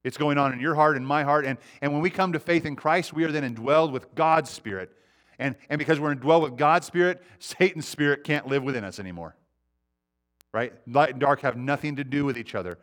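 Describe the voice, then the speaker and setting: A man preaching a sermon as pastor, earnest, letting his sentences fall to a quiet hush. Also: on the high side, a little fast. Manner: earnest, often dropping to a quiet hush at phrase ends; repeats words as he restarts.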